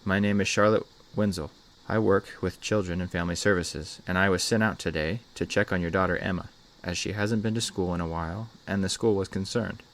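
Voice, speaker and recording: Man doing a soft-spoken lady social worker, soothing and kind, higher than his deep voice. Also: steady tone, fairly quick. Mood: calm. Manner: gentle, soothing. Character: gentle female social worker, reassuring.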